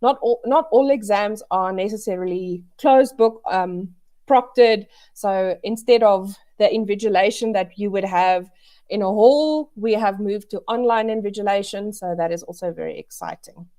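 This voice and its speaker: A woman's voice: mid-range voice, moderate pace, warm tone. A woman presenting an education webinar, chatty and upbeat, with many fillers and restarts, on a video call. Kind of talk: casual presentation to an online audience.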